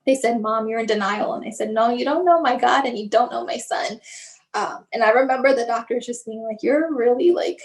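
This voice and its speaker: A woman as an interview guest, telling a painful family story in a halting, emotional way, often restarting and filling with "like", and acting out others' lines as she goes. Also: fairly high pitch. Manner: acts out others' lines in her retelling. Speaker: guest, bereaved mother.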